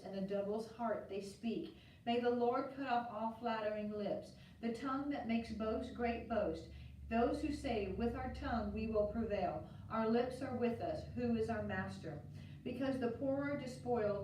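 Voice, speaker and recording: A woman reading scripture aloud in a church, in a steady, measured way that lifts on each call to God. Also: a little high, slight background noise. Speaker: scripture reader. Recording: very echoey, distant mic.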